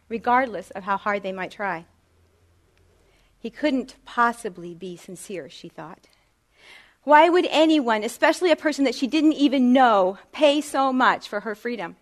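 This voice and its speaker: Lady with a high voice reading a story, calm and measured. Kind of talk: storytelling narration.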